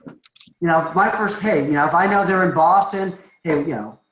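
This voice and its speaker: A man from Massachusetts talks recruiting in a loose, joking way. His voice sits a little high for a man. It rings in an echoey room. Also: moderate pace, a bit bright, a little hiss or hum. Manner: chatty, joking, schmoozing. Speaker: recruiting trainer. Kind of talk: casual webinar coaching.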